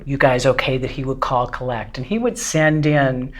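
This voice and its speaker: A woman's voice: a bass voice, steady tone. A woman interviewing a musician, eagerly recalling shared memories and agreeing often. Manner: warmly reminiscing, eager, quick agreeing. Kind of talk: casual interview chat.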